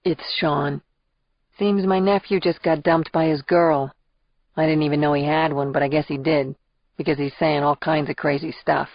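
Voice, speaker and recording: Audiobook: a caring, worried lawyer speaking softly, voiced by a woman narrator with a low, dry voice. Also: fairly even intonation, moderate pace, no room sound, lo-fi sound. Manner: quiet, concerned. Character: worried middle-aged male lawyer, steady and caring. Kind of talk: audiobook character reading.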